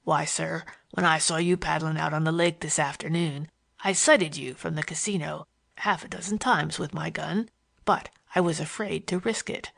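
A woman voicing a sly, grinning man with a broad Western American drawl, pitched lower than her own voice, in a storybook reading. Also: fairly even intonation, moderate pace, creaky, fairly bright tone, exaggerated voice. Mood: mocking drawl.

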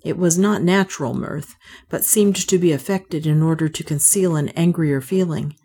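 Low-voiced woman narrating a story. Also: normal speed, dark tone, slightly rough. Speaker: audiobook narrator. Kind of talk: scripted narration.

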